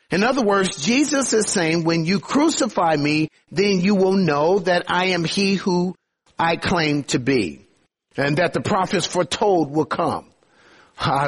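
A man preaching a sermon as a pastor, earnest, slowing down to stress points and rising in fervor as he urges his listeners. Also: on the high side, husky.

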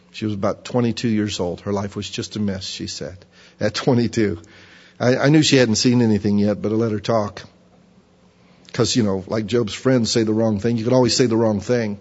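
A man preaches a sermon in a slightly husky voice, throwing himself into the prayers he quotes. The recording is dull and lo-fi, with a long reverb like a big church hall. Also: mid-range voice. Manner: dramatic, acts out quoted prayers with rising intensity.

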